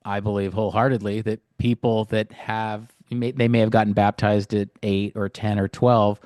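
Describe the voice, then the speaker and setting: A man's voice: fairly low pitch, little pitch movement, normal speed, darkish tone, no room sound, clean studio sound. A man hosting a casual interview, affirming and encouraging his guest. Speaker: podcast host.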